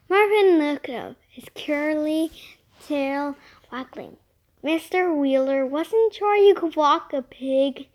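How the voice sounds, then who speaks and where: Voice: high-pitched, fairly bright tone. A child reading a chapter of a storybook aloud, carefully and steadily, with a few small slips. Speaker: reader.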